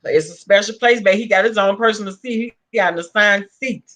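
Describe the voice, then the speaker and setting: A woman's voice: medium pitch, fairly quick, a bit bright. Emphatic Southern woman chatting. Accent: Southern American. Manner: emphatic, repeats her points. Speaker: vlog guest. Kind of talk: casual chat.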